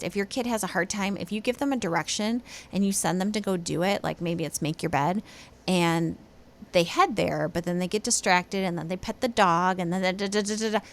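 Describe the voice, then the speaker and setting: Chatty woman podcast host, lowish voice. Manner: chatty, animated, acts out kids' and parents' voices. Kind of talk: casual advice talk.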